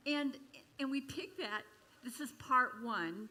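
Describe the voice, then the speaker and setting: An older woman minister telling a personal story in a chatty, expressive sermon at a church service. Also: a little slow, rough recording. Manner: chatty and expressive, with sudden jumps in pitch and loudness.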